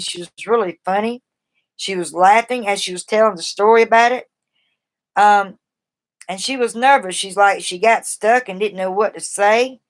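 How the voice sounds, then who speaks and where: On a live stream, an East Coast woman with a Southern accent rambles casually while offering advice to viewers. Her voice is mid-range and she talks at normal speed.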